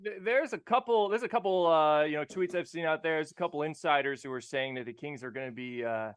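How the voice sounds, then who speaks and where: Deadpan high-voiced man guest. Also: fast, clean tone. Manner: deadpan, mock-serious insider talk. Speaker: guest on stream. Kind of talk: casual live-stream chat.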